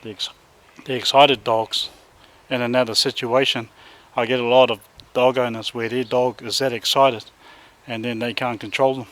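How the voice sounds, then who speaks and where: A man's voice: mid-range voice, normal speed. Kiwi man talking dogs outdoors. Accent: New Zealand. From New Zealand. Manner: relaxed, chatty, calls loudly to his dog. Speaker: dog trainer. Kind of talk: casual outdoor vlog talk.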